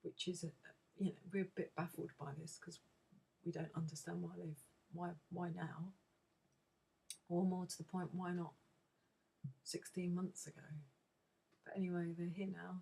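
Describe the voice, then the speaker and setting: Middle-aged mother, low raspy voice, halting diary-style talk to camera. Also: warm tone, poor audio. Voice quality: gravelly, very husky. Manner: hesitant and thoughtful, with many pauses and restarts. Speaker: bereaved mother. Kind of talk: video diary.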